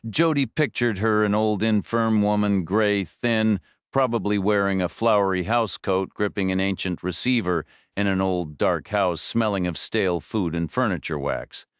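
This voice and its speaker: A man narrating a thriller audiobook in measured, steady storytelling, recorded on a studio microphone. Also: fairly low pitch, smooth, no room sound. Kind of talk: scripted narration.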